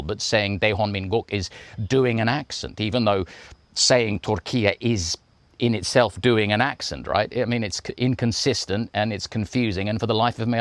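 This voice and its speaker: A man's voice: fairly low pitch, a bit bright, no echo, natural voice. A man playing a smug, self-righteous male actor-activist who vlogs, speaking in a preachy, rambling, self-satisfied way. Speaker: performer. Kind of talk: comedic character monologue.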